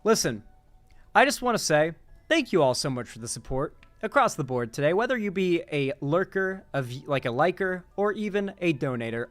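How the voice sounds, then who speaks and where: A young man hosting a live stream, chatting casually and sleepily with his chat and reading out donations as he wraps up. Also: on the high side. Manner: laid-back, rambling, thanks chat and reads donations aloud. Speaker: political commentary streamer.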